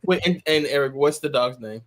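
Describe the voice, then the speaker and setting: A man's voice: on the high side, a little fast. A man co-hosting a casual talk show, making jokes. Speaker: podcast co-host. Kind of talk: casual banter.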